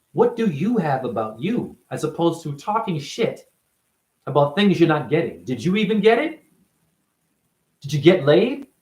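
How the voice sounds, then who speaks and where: A man delivering a profane, confrontational monologue as a self-styled spiritual teacher, firing rhetorical questions at the listener. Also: fairly high pitch. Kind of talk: ranting monologue to camera. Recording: roomy echo.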